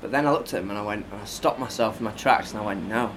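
A man's voice: lowish voice, racing, fairly bright tone. A man co-hosting a podcast, telling stories in a laid-back, wry, slangy way. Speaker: podcast co-host. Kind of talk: casual storytelling. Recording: faint background noise.

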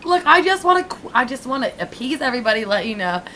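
A woman co-hosting a podcast, chatting casually in a teasing, lively way. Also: fairly high pitch. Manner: teasing, lively, quick laughs. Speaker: podcast co-host. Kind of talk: casual chat. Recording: faint background noise.

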